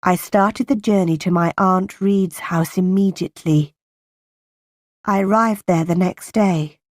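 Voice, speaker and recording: Slow, deliberate woman audiobook reader. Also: on the low side, fairly even intonation, no room sound, studio quality. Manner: slow, plain and deliberate reading. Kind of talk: simplified audiobook narration.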